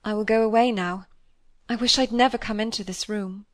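A woman reading the part of a timid, tearful young woman who speaks in a soft, pleading way. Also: mid-range voice, fairly even intonation, a little fast, no room sound, clean studio sound, natural voice.

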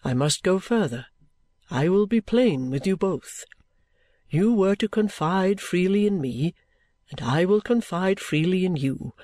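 A man reading the part of a kindly older male guardian in an audiobook, speaking in a cordial, measured, fatherly way. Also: high-pitched, expressive, a little mellow, dry recording. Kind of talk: audiobook reading of a classic novel.

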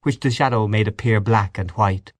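A man giving a measured, expressive audiobook narration of a story. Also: fairly low pitch, dry recording. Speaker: audiobook reader. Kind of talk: scripted narration.

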